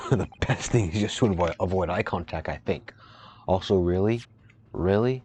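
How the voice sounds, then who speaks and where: A man's voice: deep voice, moderate pace, darkish tone. A young man giving casual, amused let's play commentary, thinking aloud as he plays. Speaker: gaming video host. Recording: home mic with faint hiss.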